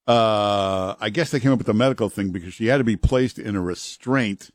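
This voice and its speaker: Low-voiced male radio host, casual. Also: fairly quick, no room sound, clean studio sound. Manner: casual, conversational, many fillers. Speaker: guest talk radio host. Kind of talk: talk radio chat and ad reads.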